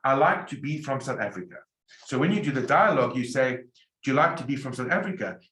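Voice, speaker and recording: A man teaching a Spanish lecture, drilling example sentences slowly and emphatically. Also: mid-range voice, animated, fairly bright tone. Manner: slow, emphatic drilling with repeated example phrases. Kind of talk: recorded language lecture. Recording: echoey room.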